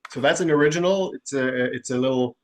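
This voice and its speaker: Hesitant man co-hosting, halting. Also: medium pitch. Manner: hesitant, many fillers and restarts. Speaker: co-host. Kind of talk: casual chat.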